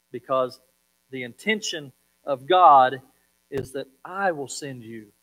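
A man preaching a sermon as a pastor, leaning hard on words with swings from loud to hushed. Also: fairly high pitch, a little slow, low-quality recording.

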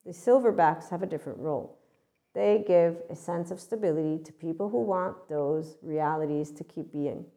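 A woman's voice: low-pitched, moderate pace, vocal fry, dark tone. A woman spiritual teacher giving a channeled talk, blunt and swearing, acting out other people's voices as she goes.

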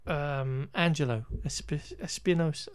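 A man's voice: on the high side, a little slow, clear, resonant tone, no echo. A man co-hosting a podcast, chatting casually through a film recap with frequent restarts and laughter. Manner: rambling, self-correcting, laughs often. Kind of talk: casual chat.

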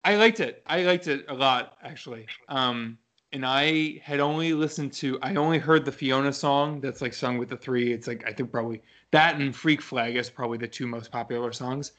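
A young man co-hosting a podcast in casual chat, excitable and chatty, often trailing off mid-sentence. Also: medium pitch, moderate pace. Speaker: podcast co-host.

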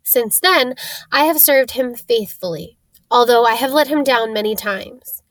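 A woman reading a cold, scheming male wizard teacher in an audiobook, calm and dismissive in manner. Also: a little high, measured pace, dry recording, lightly acted.

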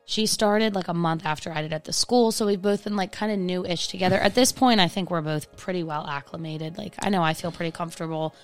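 A woman co-hosting a podcast in casual chat, telling stories in a chatty, animated way. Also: on the low side, quick pace, hardly any pauses, soft background music. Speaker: podcast co-host.

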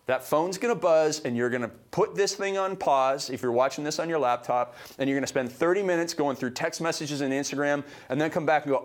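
High-energy motivational man from Canada. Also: a little fast, few pauses. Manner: high-energy, emphatic, fired-up delivery. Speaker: podcast co-host. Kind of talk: motivational podcast talk.

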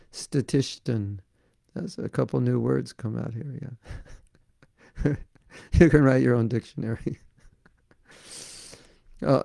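A man's voice: medium pitch, vocal fry, warm tone, no echo, studio quality. A man giving a devotional talk as a spiritual teacher, earnest and repetitive, often saying "you know", then taking viewer questions.

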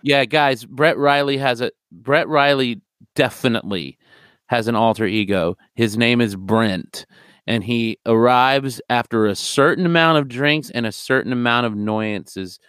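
A man's voice: mid-range voice, a little slow, clear, resonant tone, no echo, clean studio sound. A man talking as a podcast guest in casual chat, profane and rambling as he tells stories. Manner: profane, rambling, animated storyteller.

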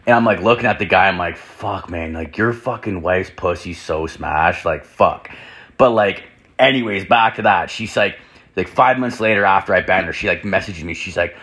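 Sipping whiskey in a room at home with the door open, a young man hosting a podcast launches into a rambling, crude monologue. He swears freely and leans on "like" constantly, speaking at normal speed in a deep, slightly bright voice.

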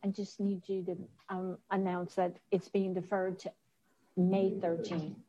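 A woman clerk reading a resolution aloud at a council meeting in a flat, even voice. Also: lowish voice, measured pace, muffled recording.

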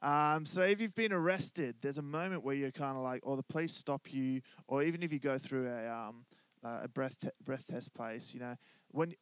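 Male pastor, relaxed joking sermon, dry close-miked voice. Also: mid-range voice, moderate pace, smooth, no echo. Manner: conversational, joking, asks congregation to respond. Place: church.

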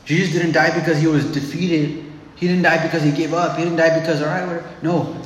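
A man's voice: a little high, little pitch movement, fast talker, a little hiss or hum. A man preaching a sermon in a loose, conversational way, often calling listeners "man" and restarting his phrases. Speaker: pastor. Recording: echoey hall.

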